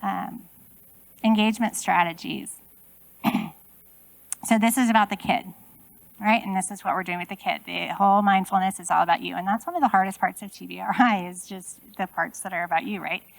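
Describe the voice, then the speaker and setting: Gravelly-voiced woman giving a keynote. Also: medium pitch, fairly even intonation, a little fast, dry recording, low-quality recording. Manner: conversational, asks the audience many rhetorical questions. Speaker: keynote speaker. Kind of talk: conference keynote talk. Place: conference room.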